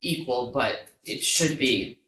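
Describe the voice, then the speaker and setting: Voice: medium pitch, lively intonation, slow pace, fairly bright tone. A board member asks follow-up questions, hesitating and restarting as they go. The voice is distant and echoey, with faint background noise. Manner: questioning, hesitant, repeating words. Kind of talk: board meeting discussion.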